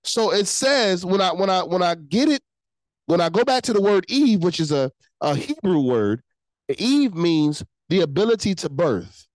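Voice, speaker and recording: A pastor preaching a livestreamed sermon, animated and repeating phrases for emphasis while calling out to the online chat. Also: medium pitch, normal speed, no room sound, rough recording.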